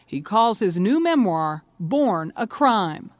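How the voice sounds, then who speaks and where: A woman narrating a news feature as correspondent, with a measured storytelling delivery. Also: medium pitch, very animated, dry recording.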